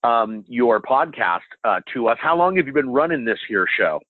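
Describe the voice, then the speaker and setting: A man's voice: medium pitch, animated, normal speed, dry recording. A man in a podcast interview, joking in a teasing, mock-formal way and stammering on restarts. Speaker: interview guest. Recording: tinny phone-like call audio.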